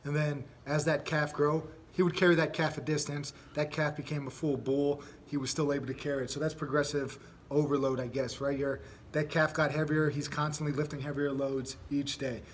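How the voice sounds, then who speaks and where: A man's voice: a little high, flat delivery, fairly quick, slight background noise. A man hosting a podcast, chatting in a rambling, laid-back way with lots of fillers. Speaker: podcast host. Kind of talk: casual podcast chat.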